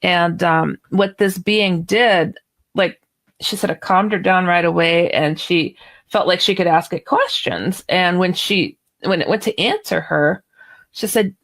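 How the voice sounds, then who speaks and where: Woman guest author, lower pitch, animated chatty storyteller, radio interview. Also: measured pace. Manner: animated, chatty, laughs while telling.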